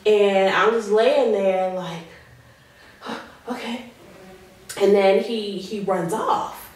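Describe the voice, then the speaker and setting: A woman's voice: medium pitch, darkish tone. Earnest woman telling her story in an echoey room. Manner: earnest, slows down on heavy moments, acts out quoted pleas. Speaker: guest sharing her survival story. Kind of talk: emotional personal testimony. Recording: very echoey room, voice far from mic.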